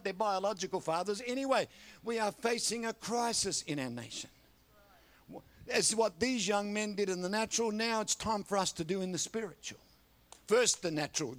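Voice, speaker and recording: Calling for amens between homespun tales, an older man delivers a sermon as a pastor. His high-pitched voice has a fairly bright quality.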